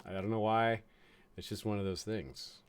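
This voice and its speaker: A man's voice: lowish voice, fairly even intonation, normal speed, clean tone. A man from the United States giving chatty, chuckling commentary on a strategy game, fond of puns. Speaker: game streamer.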